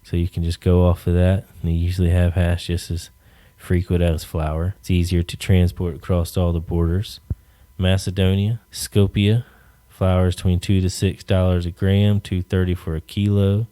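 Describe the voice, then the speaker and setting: Deep-voiced, profane podcast host. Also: male voice, level tone, normal speed, warm tone, dry recording. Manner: rambling, profane, jokey asides. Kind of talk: casual solo rant.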